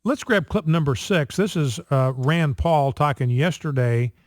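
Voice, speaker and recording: Male radio host, a touch high-pitched, rambling with fillers and restarts, close dry mic. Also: lively intonation, measured pace, a little mellow, dry recording. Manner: opinionated, many fillers and restarts. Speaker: radio talk show host. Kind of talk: political talk radio commentary.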